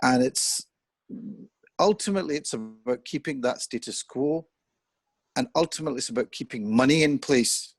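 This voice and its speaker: A man's voice: mid-range voice, normal speed, husky, no echo. Earnest middle-aged man thinking aloud. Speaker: discussion guest. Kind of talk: conversational discussion. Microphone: video call.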